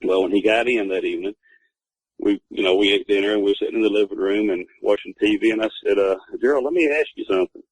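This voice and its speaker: A man's voice: lowish voice, level tone, fast, slightly rough, dry recording, poor audio. A man, rambling through a personal story as a guest, with many fillers and restarts. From Texas. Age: 50s. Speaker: guest telling his encounter story. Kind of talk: casual spoken storytelling.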